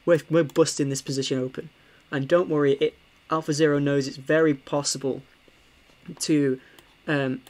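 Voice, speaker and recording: A young man, casually talking through a chess game for stream viewers, animated and full of ums and restarts. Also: on the high side. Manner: animated, with frequent fillers and restarts.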